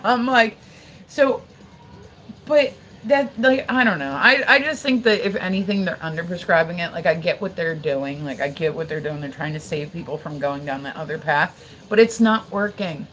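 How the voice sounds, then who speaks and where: A woman's voice: deep voice, a little fast, fairly bright tone, a little hiss or hum, rough recording. Woman in her forties, rambling livestream storyteller. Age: 40s. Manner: rambling, swears freely, frequent "like"; chats to viewers between stories.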